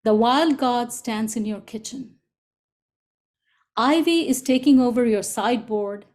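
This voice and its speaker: A woman reads a poem aloud over a video call, taking each line slowly and deliberately. Her voice sits a little high, and her manner stays gentle and unhurried throughout. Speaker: co-facilitator. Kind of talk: slow poetry reading.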